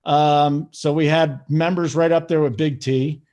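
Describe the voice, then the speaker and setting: A man hosting a casual sports betting show, hyped and joking as he gives shout-outs. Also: a little high, fairly even intonation, a little slow. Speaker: show host.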